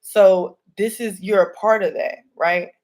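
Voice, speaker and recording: A woman's voice: mid-range voice, fairly even intonation, unhurried, a little mellow. A woman, a spiritual reader talking loosely and rambling to her viewers about signs and energy. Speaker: spiritual reader and channel host. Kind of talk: casual spiritual channeling talk to viewers. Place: home room with candles.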